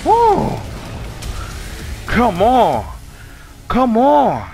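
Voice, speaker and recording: A man's voice: high-pitched, sing-song, moderate pace, bright, forceful tone. A man streaming a game he is playing for the first time, giving profane, hyped commentary and repeating his words. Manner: trash-talking, hyped, repeats phrases. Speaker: gaming streamer. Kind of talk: profane let's-play commentary. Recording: game music underneath.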